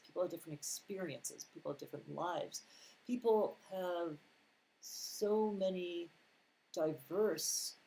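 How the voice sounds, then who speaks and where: A man's voice: a little high, warm tone, poor audio. A man reading scripture aloud and commenting on it in a casual, conversational Bible teaching, with mild sarcastic asides. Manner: reads scripture aloud, then comments plainly.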